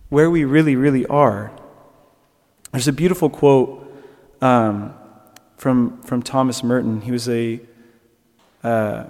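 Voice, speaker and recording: Recorded in a large hall, a young male preacher gives a conversational sermon reflection in a medium-pitched voice. Fillers and restarts pepper his speech, and his storytelling gets animated.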